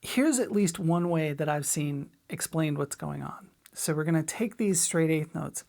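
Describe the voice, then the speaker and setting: Low, gravelly-voiced woman drum teacher. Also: measured pace. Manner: relaxed, chatty, demonstrates rhythms by scatting syllables. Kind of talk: casual spoken lesson.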